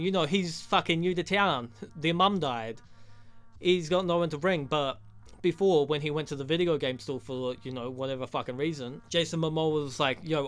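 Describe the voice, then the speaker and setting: A man's voice: a little high, a bit bright. A young man giving a rambling, profane, joking recap of a movie as a reviewer. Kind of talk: crude comedic movie recap.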